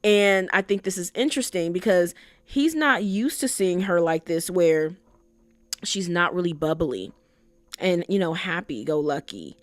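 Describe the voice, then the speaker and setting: A woman's voice: on the low side, expressive, unhurried, no echo. A young woman giving casual, opinionated commentary on an anime, slangy and swearing freely.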